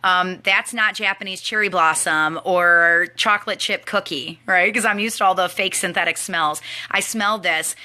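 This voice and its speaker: A woman's voice: fairly low pitch, moderate pace, few pauses. A young woman chatting animatedly as she hosts a live team training stream. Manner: chatty and animated, talks to viewers. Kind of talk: casual live-stream chat.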